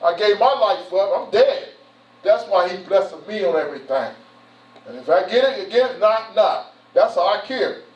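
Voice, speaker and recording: In a church hall, a man with a high-pitched, animated voice talks at normal speed as a church elder, giving a folksy, informal address full of repetition and frequent "you know" and "man." The recording sounds roomy, distant, and dull.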